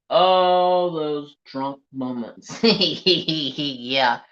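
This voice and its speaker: A man telling a personal story in a slow, halting, reflective way while he works on a craft. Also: fairly high pitch, muffled recording, noisy background. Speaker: crafting vlogger.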